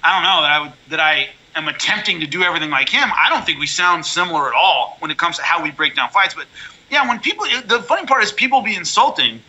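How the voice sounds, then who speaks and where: A man talking as a guest in a casual interview, blunt and animated, telling stories with many restarts. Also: fairly high pitch, quick pace, breathy edge, lo-fi sound. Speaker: MMA color commentator, guest.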